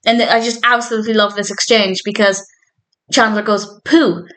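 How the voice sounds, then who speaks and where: A woman's voice: mid-range voice, flat delivery, a little fast, fairly bright tone. A woman talking through a TV episode as a reviewer, in an enthusiastic, chatty way and often laughing. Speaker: film and TV reviewer. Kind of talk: casual spoken episode review.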